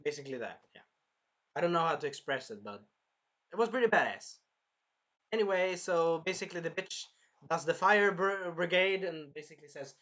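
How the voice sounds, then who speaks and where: High, bright-voiced animated male reviewer. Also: normal speed. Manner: animated, swears a lot, acts out characters' lines. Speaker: anime reviewer. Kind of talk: casual episode review.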